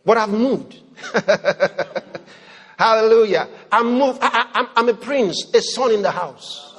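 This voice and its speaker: A man preaching a sermon, animated, swinging between loud outbursts and low murmurs as he acts out people praying. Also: takes it slowly, husky. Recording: long hall reverb.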